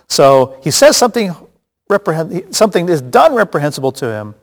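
A man's voice: fairly high pitch, very animated, fairly quick. A man teaching a casual Bible study, chatty and joking, with frequent restarts and asides. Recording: long hall reverb.

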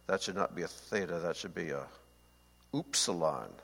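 A man's voice: low-pitched, lively intonation, moderate pace, creaky, fairly bright tone. A man giving a conversational Bible teaching, often checking that his listeners follow. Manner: conversational, asks listeners to confirm. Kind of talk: seated Bible teaching talk. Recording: long hall reverb.

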